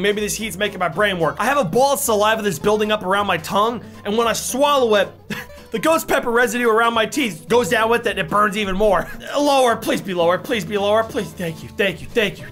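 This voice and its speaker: With his eyes streaming and coughs breaking through, a young adult man on YouTube yelps and begs his way through a guessing game during a ghost pepper chip challenge, frantic and mocking himself. His voice sits high and sounds a bit bright.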